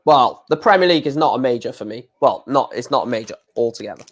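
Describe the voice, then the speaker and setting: A man's voice: medium pitch, lively intonation, fast. A man, casually chatting on a live darts stream, reading out viewer comments in a blunt, frequently swearing way.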